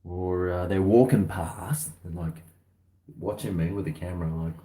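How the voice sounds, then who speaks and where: A man's voice: deep voice, unhurried, mellow. A middle-aged Australian man chatting casually and rambling on a livestream, reading out viewer comments. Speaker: livestream host.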